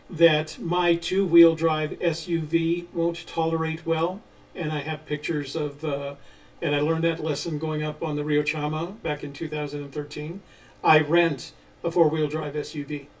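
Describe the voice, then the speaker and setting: A slightly high, level-toned voice belongs to a treasure-hunt channel co-host answering viewer questions during a casual live chat. He explains in a measured way, often pausing on "uh," and is positioned a little away from the mic.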